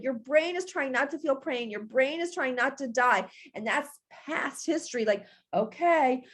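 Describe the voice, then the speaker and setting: A woman's voice: high voice, a bit bright. A middle-aged woman business coach giving an emphatic, preachy motivational talk to camera, repeating phrases for punch.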